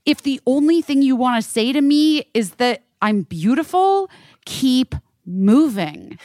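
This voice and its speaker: Lively, expressive woman podcast host. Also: high-pitched, a little slow, no room sound, studio quality. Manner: animated storytelling, acts out quotes, swears freely. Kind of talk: casual chat.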